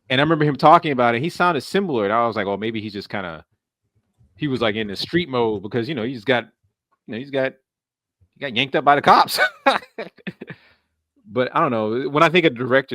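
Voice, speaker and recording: A man's voice: medium pitch, a bit bright, no echo. A man hosting a casual reaction stream, joking and sounding incredulous as he laughs often.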